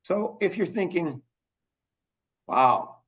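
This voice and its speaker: Older man, podcast host, higher-pitched voice, emphatic, swings loud and hushed. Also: a little slow. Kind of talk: casual podcast talk.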